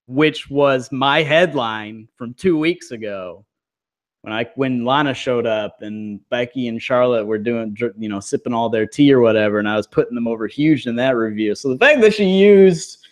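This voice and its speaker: A man's voice: mid-range voice, moderate pace. A man co-hosting a podcast in a casual, rambling chat, full of fillers and swearing. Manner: rambling, filler-heavy, profane. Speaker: podcast co-host.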